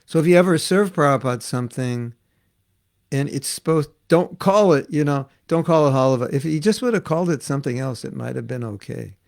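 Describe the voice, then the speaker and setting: An older man giving a religious class, telling stories in a lively way, chuckling and acting out what people said. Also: medium pitch, brisk, gravelly. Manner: lively anecdotal storytelling with chuckles and acted-out quotes. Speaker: spiritual teacher.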